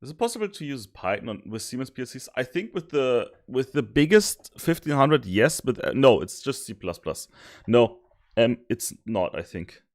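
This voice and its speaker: A man streaming while he codes, thinking aloud, mocking his own mistakes and sometimes yelling happily. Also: mid-range voice, moderate pace. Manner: thinks aloud, self-mocking, bursts of excited yelling and laughter. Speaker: streamer coding a simulation tool. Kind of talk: casual live coding commentary.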